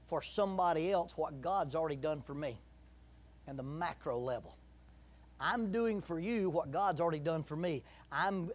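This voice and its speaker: A middle-aged man preaching a sermon in a church, emphatic, repeating key phrases and leading the congregation in call-and-response. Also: fairly high pitch.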